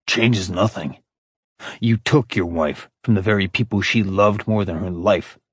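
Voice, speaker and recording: A man voicing a calm, stoic immortal man who speaks in a dry, flat tone. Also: low-pitched, measured pace, husky, no echo.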